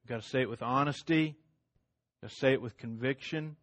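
A middle-aged man preaching a sermon as pastor, swinging between loud emphatic lines and hushed ones, with much repetition. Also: mid-range voice, fairly quick, no room sound.

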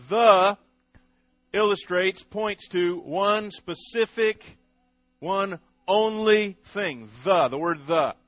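A man's voice: sits high, fairly bright tone, no room sound. A man preaching a sermon, stressing single words, repeating himself and putting questions to the congregation. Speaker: pastor. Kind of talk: sermon teaching.

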